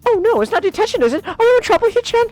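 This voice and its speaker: Man putting on a squeaky bubbly schoolgirl. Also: very animated, rapid-fire, darkish tone, soft background music. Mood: chirpy. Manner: high squealing sing-song delivery. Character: bubbly cheerful teen schoolgirl, hyperactive.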